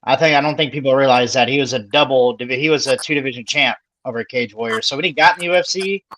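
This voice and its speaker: A man's voice: mid-range voice, a bit bright, poor audio. A man giving his views as a panelist in a casual sports talk, laid-back and conversational, with hedges. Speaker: podcast panelist.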